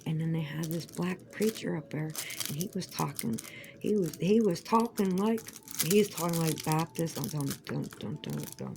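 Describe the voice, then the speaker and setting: A woman's voice: lowish voice, normal speed, a little mellow, slight background noise, low-quality recording. A woman chatting casually while crafting, rambling and profane, with emphatic outbursts. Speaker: vlogger.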